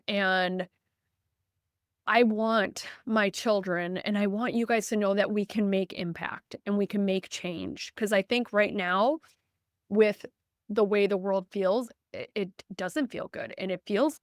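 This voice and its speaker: A woman's voice: mid-range voice, dry recording, studio quality. A woman in her thirties hosting a solo podcast, speaking earnestly and personally, with frequent restarts and fillers. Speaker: podcast host and business coach. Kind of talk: candid solo podcast talk.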